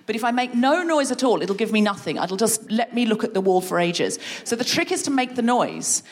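Woman, fairly high voice, energetic stage talk, playful, laughs often. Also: brisk. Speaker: guest speaker leading a creativity exercise. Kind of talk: live stage talk to an audience.

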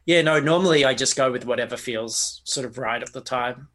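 A man's voice: mid-range voice, a little fast, fairly bright tone. A man, a game master chatting in an interview, thinking aloud with lots of fillers and restarts. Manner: reflective, rambling, with many fillers and restarts. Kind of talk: casual interview chat.

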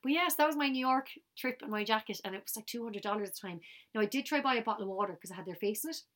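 A woman's voice: a little high, rapid-fire, fairly bright tone. An Irish woman in her thirties, co-hosting a podcast and telling stories in casual chat, sometimes dropping to a whisper. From Ireland. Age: 30s. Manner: chatty, storytelling, drops into whispers. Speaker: podcast co-host.

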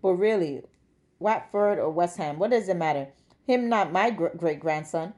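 A woman's voice: fairly low pitch, moderate pace, darkish tone, close to an everyday voice. A woman voicing an elderly Jamaican man living in England, jovial and teasing, with playful patois-tinged phrasing. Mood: flustered.

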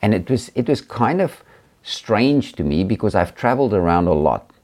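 Preacher, middle-aged man, South African accent, deep register, gentle and hesitant testimony delivery. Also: sing-song, normal speed. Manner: earnest, gentle, with many hesitations. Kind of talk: personal testimony talk.

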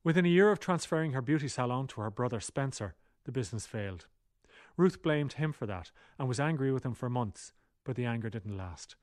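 Male narrator reading doc script, steady, dry studio sound. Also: mid-range voice, brisk, dry recording. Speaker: documentary narrator.

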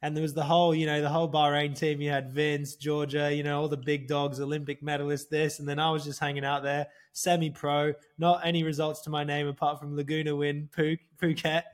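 A man co-hosting a casual podcast, telling animated stories, swearing freely and calling people "mate". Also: fairly high pitch, fairly quick, few pauses. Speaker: podcast co-host. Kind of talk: casual chat.

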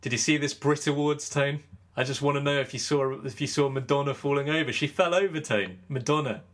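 A man's voice: mid-range voice, fairly quick, fairly bright tone. A man hosting a cricket podcast, chatting casually and teasing his co-host with a joking manner. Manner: joking, teasing, mimics commentators. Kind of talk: casual chat.

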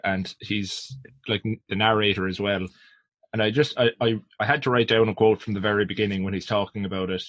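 Low-voiced man, hedging podcast chat. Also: steady tone, fairly bright tone, no echo. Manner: hedging, filler-heavy, measured. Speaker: podcast co-host. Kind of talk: casual film review chat.

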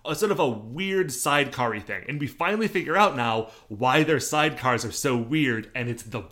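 A man's voice: mid-range voice, expressive, moderate pace, bright, forceful tone. A man co-hosting a podcast, chatting casually and enthusiastically about a TV episode, adding details and jokes. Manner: enthusiastic, adds details and jokes, acts out quoted lines. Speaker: podcast co-host. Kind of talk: casual chat recapping a TV episode.

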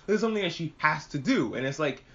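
A man's voice: fairly high pitch, animated, fast, vocal fry, sharp tone. A man hosting a casual spoken anime review, swearing and laughing often as he retells scenes. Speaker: podcast host reviewing anime. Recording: dull lo-fi audio.

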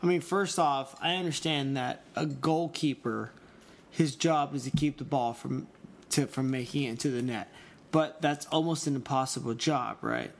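A man's voice: medium pitch, moderate pace, creaky, a little hiss or hum. A man in casual conversation asking probing questions and checking agreement with "right?". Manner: questioning, seeks confirmation with "right?". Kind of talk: casual chat.

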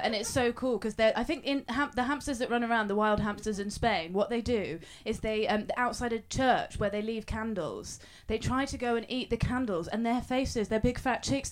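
Woman comic, slightly high voice, eager and rambling. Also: fairly quick, few pauses. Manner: enthusiastic, rambling anecdotes. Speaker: comedian panelist. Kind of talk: live panel show banter. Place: live comedy venue stage.

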